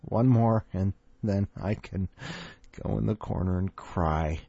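A man's voice: sits low, slow pace, gravelly, mellow, husky, no room sound. A man hosting a podcast in a wry, offhand way and narrating a story. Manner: wry, offhand, self-mocking. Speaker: podcast host. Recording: dull lo-fi audio with music.

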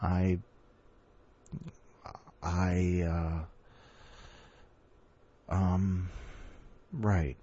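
A man's voice: low voice, dark tone, husky. A man hosting a story podcast in a rambling, joking, self-mocking way, with a dull lo-fi recording. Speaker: podcast host. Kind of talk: casual rambling chat.

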